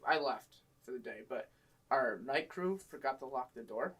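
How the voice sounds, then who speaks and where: A man's voice: medium pitch, lively intonation, normal speed, fairly bright tone, breathy edge, poor audio. A young man casually telling work stories, acting out a boss and customers in a raised voice. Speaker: storyteller guest. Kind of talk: casual chat.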